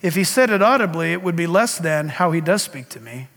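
A man preaching a sermon as pastor, animated and acting out conversations, swinging from hushed to shouting. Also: fairly high pitch, fairly quick, big-room sound. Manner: animated, acts out dialogue, shifts from hushed to shouting.

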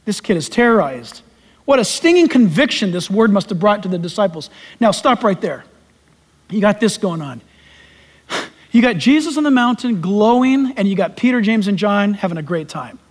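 A man's voice: high-pitched, very animated, normal speed. A male pastor preaching a sermon in a folksy, emphatic way with homespun asides. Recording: long hall reverb.

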